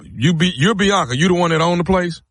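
High-voiced guy drawling the same gripe over and over, dry close sound. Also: fairly quick, dry recording. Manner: stubborn, repetitive complaining, drawled words. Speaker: caller. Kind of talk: prank phone call.

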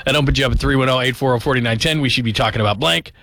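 Man, sports radio host, call-in show, bright voice, dry studio mic. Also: mid-range voice, no room sound. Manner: upbeat, quick, repeats the call-in number.

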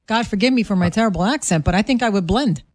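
A woman's voice: mid-range voice, expressive, fast talker, a little mellow, dry recording. A woman co-hosting a radio talk show, playful and joking with the host and a caller. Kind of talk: casual radio banter.

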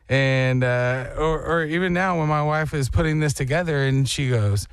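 Male radio host, higher voice, dry close sound, rambling anecdotal chat. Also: moderate pace, hardly any pauses, clean tone, no room sound. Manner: rambling, animated storytelling. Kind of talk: casual on-air chat.

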